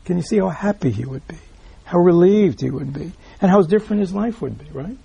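Man, dharma talk, gravelly, mellow, keeps asking "right?", soft asides. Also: sits high, animated, a little fast, no echo, dull audio. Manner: keeps checking in with "right?", repeats himself, drops into soft asides. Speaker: Buddhist teacher. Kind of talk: dharma talk explaining a read-aloud text.

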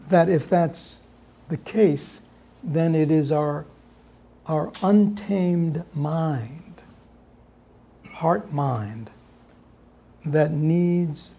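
A man giving a dharma talk to an audience, pausing often on fillers and checking in with rhetorical questions. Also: on the high side, vocal fry, mellow, breathy edge. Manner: halting, with many filler pauses. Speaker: dharma teacher.

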